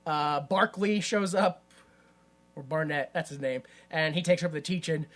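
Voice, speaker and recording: Jokey man with a high voice. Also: moderate pace, fairly bright tone. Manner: jokey, acts out characters in silly voices. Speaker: podcast co-host. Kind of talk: casual chat, retelling a movie.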